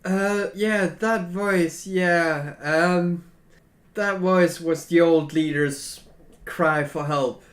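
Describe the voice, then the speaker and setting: A man running a tabletop role-play game as game master, explaining with halting restarts and many fillers. His voice sits a little high for a man, and the room has an echo. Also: fairly even intonation.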